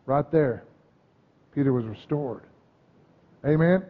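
A man's voice: sits high, a little slow. A man preaching a sermon, emphatic, often asking the congregation "amen?" and "right?". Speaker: pastor. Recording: dull muffled sound with long hall reverb.

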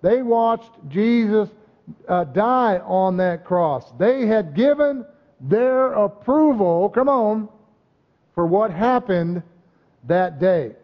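A man's voice: high-pitched, expressive, takes it slowly. A man preaching a sermon, emphatic, often asking the congregation "amen?" and "right?". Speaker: pastor. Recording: dull muffled sound with long hall reverb.

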